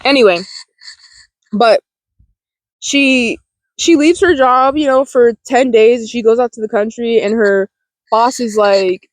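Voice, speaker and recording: This vlogger in her twenties has a fairly high, animated voice, speaking a little slowly and pausing often as she rambles about a film. Fillers, restarts, and laughs come frequently, and the close desk mic yields poor audio without echo.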